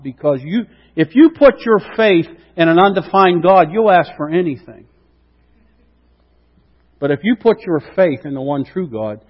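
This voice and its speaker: A man preaching a sermon with emphatic rhetorical questions, dropping quiet and then rising loud. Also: sits high, husky. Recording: dull sound with long reverb.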